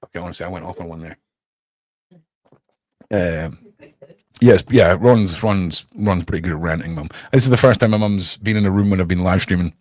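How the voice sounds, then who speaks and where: A Scottish man ranting on his live stream, profane and heated, his voice climbing high and loud in bursts. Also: normal speed, long pauses, no echo. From Scotland.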